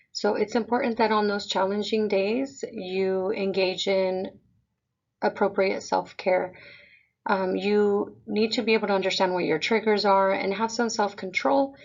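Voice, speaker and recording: A woman presenting a parent webinar for a school district, explaining things in a calm, measured way. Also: medium pitch, highs cut off.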